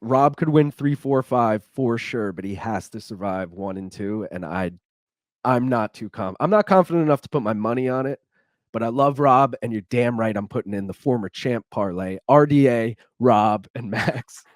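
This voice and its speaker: A man's voice: medium pitch, moderate pace, no room sound, clean studio sound. A young man, a podcast guest, chatting casually in a laid-back way, saying "dude" and "like" a lot. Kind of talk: casual chat.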